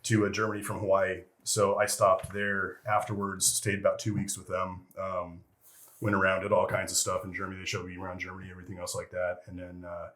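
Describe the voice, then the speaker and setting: A middle-aged man with a very low, deep voice, talking as a guest on an interview podcast. He rambles through old service stories with plenty of "you know" and "freaking" along the way, and the odd curse slips in. The delivery is loose and conversational. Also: completely flat delivery, brisk, fairly bright tone. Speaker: interview guest, retired military veteran. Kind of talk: casual storytelling interview.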